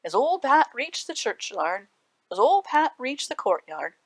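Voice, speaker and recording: A woman reading folktales aloud to children at a library storytime, animated and breaking into hushed asides. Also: sits high, unhurried, no room sound.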